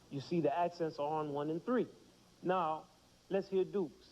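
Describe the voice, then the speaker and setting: A man's voice: fairly high pitch, normal speed, darkish tone, big-room sound, dull audio, a little hiss or hum. Playful man teaching rhythm to kids. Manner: playful, demonstrative, counts beats aloud. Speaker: music teacher. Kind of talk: teaching children about rhythm.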